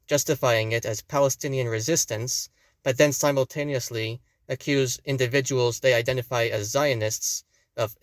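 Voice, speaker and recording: A man's voice: medium pitch, dry recording. A young man giving scripted commentary, pointed and with sarcastic asides. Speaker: video commentator.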